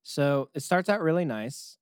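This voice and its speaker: A man's voice: a little high, animated, a little slow, clean tone, dry recording. Man rambling through a story. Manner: rambling, acts out characters, laughs often. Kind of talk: casual comedic storytelling.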